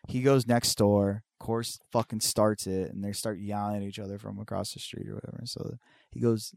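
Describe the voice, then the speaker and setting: A young man telling a story in casual chat, swearing a lot and acting out quotes with big jumps in pitch. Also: steady tone, a little fast, gravelly, darkish tone, no echo.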